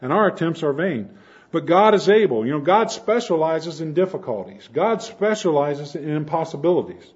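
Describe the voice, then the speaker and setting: A man preaching a sermon in an earnest manner, building to emphatic points and dropping soft again. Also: a little high, very animated, normal speed, slightly rough, muffled recording.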